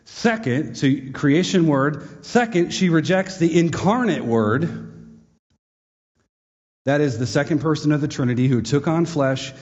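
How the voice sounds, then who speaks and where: A man's voice: fairly high pitch, measured pace, darkish tone. A man teaching a sermon to a live audience in a conversational way, with wry, joking asides. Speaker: preacher. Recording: echoey hall, dull lo-fi sound.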